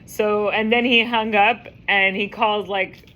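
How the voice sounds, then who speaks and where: A woman teaching a class, telling a story in a lively, chatty way and acting out the voices. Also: mid-range voice, slow. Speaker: teacher leading a women's class. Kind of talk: casual storytelling lesson.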